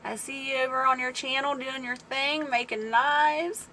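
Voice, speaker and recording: Bright, forward and high-pitched, a woman's voice carries a laid-back livestream chat at an unhurried pace. She meanders through stories, responds out loud to viewer messages and laughs frequently, with a faint hum underneath.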